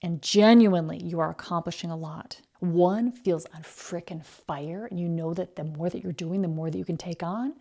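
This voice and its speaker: A woman's voice: lowish voice, moderate pace, creaky, few pauses, mellow. A woman hosting a podcast, giving a blunt, emphatic motivational talk about excuses and being busy. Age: adult, married. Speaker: podcast host.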